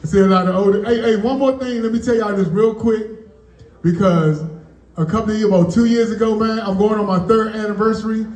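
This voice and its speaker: A man's voice: high voice, steady tone, brisk, a little mellow. A man doing stand-up comedy at a party, telling stories in a loose, chatty way and tagging lines with "man.". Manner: loose, conversational punchlines, frequent "man" tags. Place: birthday party venue. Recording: echoey room, mic from far off.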